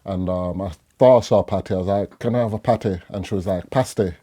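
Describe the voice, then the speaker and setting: A Jamaican musician, appearing as a podcast guest, chats in a laid-back way, laughing often and using lots of fillers. His voice is low and dark with fairly even intonation, and he talks fast.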